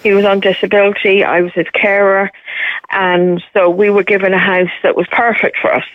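A middle-aged woman talks through a tinny, dry phone line into a radio show. She is steady and matter-of-fact, stopping now and then with an um. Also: mid-range voice, moderate pace, no room sound. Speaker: caller.

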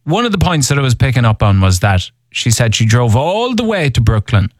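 A man hosting an evening radio show, teasing and joking in a lively way. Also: mid-range voice, brisk, no room sound, clean studio sound. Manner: teasing, jokey, lively delivery. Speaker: radio host. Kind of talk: playful radio banter. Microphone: studio mic.

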